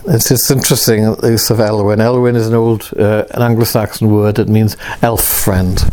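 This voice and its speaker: A man's voice: on the low side, little pitch movement, moderate pace, hardly any pauses, dark tone, a little hiss or hum. A male lecturer reading a novel aloud and stopping for hesitant explanatory asides.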